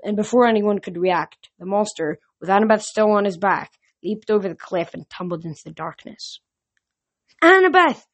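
A woman's voice: medium pitch, moderate pace, hardly any pauses, darkish tone. A woman reading a novel aloud for her podcast, with occasional slips and restarts. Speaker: podcast reader.

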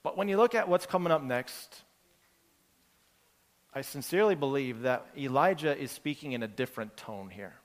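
A male pastor with an expressive, medium-pitched voice preaches at a moderate pace. His sermon is conversational and earnest, building points from everyday examples, and the recording has long hall reverb.

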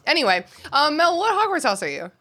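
Bright-voiced, giggly woman co-host. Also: high-pitched, sing-song, fast. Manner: giggly, jokey, irreverent. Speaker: podcast co-host. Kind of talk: casual chat.

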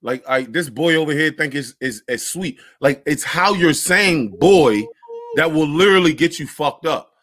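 A man chatting casually on a panel over a video call, animated and slangy, often restarting his sentences. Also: on the high side, normal speed. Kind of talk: casual podcast chat.

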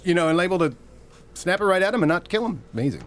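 A man's voice: sits high, sing-song, fast talker, fairly bright tone. A man co-hosting a casual podcast, rambling enthusiastically about film sound effects. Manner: rambling, enthusiastic, laughs often. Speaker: podcast co-host.

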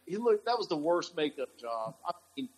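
Husky-voiced man in loose podcast chat. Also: on the high side, big pitch swings, normal speed, poor audio. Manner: rambling, with many fillers and restarts. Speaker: podcast co-host. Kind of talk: casual chat.

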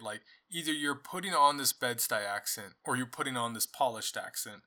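A man's voice: medium pitch, pushed and bright. A man hosting a book club podcast, talking casually through his thoughts on a novel with frequent restarts and asides. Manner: conversational, thinking aloud with many restarts and asides. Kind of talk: casual solo book review.

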